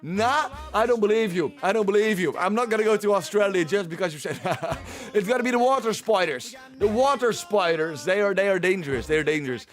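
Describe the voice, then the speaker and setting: A man's voice: high-pitched, expressive, brisk, soft background music. A man hosting a livestream, chatting casually and rambling, often repeating himself as he talks to his chat. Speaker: livestream host. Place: at home, streaming.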